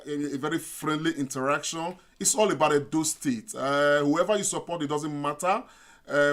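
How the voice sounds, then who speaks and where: A man's voice: fairly high pitch, fairly bright tone. Nigerian man hosting a video call. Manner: loose and chatty, many fillers. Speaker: meeting host. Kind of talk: online meeting moderation.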